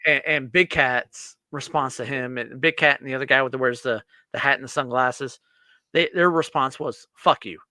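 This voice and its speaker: A man's voice: mid-range voice, fairly even intonation, normal speed, bright, forceful tone, no room sound. A man co-hosting a casual beer-drinking podcast chat, riffing emphatically and profanely. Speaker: podcast co-host.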